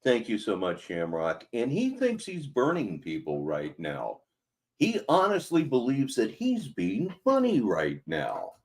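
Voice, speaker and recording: Slow sarcastic commentary guy, voice all over the place pitch-wise. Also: huge pitch swings. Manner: sardonic, drawn-out delivery. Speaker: commentary channel host. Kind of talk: mocking commentary.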